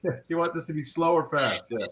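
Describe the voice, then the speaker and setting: A man's voice: fairly high pitch, lively intonation, a little fast. An enthusiastic man co-hosting a casual chat over a video call, reacting with laughs. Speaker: co-host. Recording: crowd noise behind.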